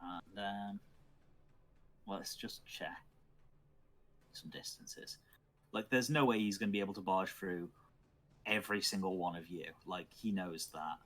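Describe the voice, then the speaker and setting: A man with a fairly low voice runs a tabletop game as dungeon master. He narrates rolls, hits and damage in a matter-of-fact way, keeping his players up to date. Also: fairly even intonation, a little slow, long pauses, fairly bright tone.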